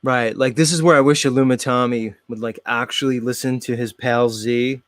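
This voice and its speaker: A man hosts his own show and rambles through casual commentary on videos. He talks straight to his viewers in a chatty way. His mid-pitched voice sounds close and dry. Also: fairly even intonation, moderate pace, no room sound. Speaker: host.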